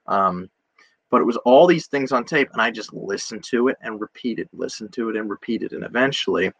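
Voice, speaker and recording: A man's voice: fairly low pitch, a little fast, a bit bright, dry recording, poor audio. A young man, an actor from Virginia Beach, chatting casually as an interview guest, with many fillers and restarts. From Virginia Beach, USA.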